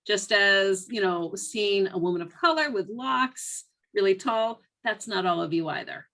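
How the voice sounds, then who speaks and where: A woman's voice: mid-range voice, fairly bright tone. A woman instructor leading an online class discussion over a video call, reflective and prone to repeating her key points.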